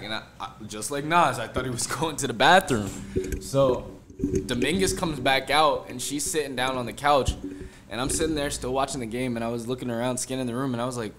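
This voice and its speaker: A man's voice: medium pitch, a little hiss or hum. Man telling a laughing party story. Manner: animated storytelling, laughs often, swears freely. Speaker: podcast co-host. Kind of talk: casual chat.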